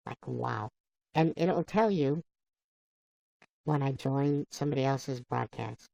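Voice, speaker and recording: A woman hosting a live stream, chatting casually and haltingly as she answers viewers by name. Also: extremely low pitch, vocal fry, dark tone, no room sound. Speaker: livestream host. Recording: dull lo-fi dry sound.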